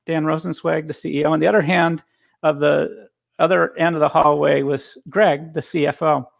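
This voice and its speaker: Male speaker, gravelly tone, slightly high, casual storytelling with restarts, video-call audio. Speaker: guest speaker. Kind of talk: conference talk.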